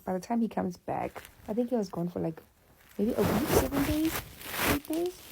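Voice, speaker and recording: A woman's voice: mid-range voice, a little fast, vocal fry, slightly rough. A woman telling a personal story in a casual, slangy, conversational way. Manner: slangy, conversational, animated retelling.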